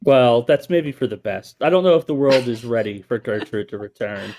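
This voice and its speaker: A playful man co-hosting a casual podcast and telling stories from his work as a trainer. He speaks in a mid-range voice, with a relaxed, joking manner. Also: mid-range voice, normal speed, a little hiss or hum. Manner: playful, storytelling. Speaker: podcast co-host, former trainer.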